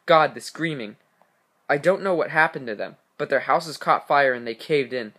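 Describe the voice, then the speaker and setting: A man's voice: on the high side, normal speed, sharp tone. Guy reading a scared mom hiding in her closet, pleading and frantic on the phone. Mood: frightened. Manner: pleading, breathless phone caller. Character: frightened sobbing mother hiding at night.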